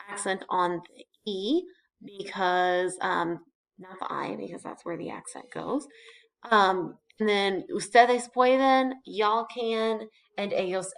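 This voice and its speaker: Chatty teacher walking through Spanish verbs. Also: female voice, mid-range voice, fairly bright tone. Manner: chatty, explains step by step with fillers. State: has hiccups. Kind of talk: recorded classroom lesson.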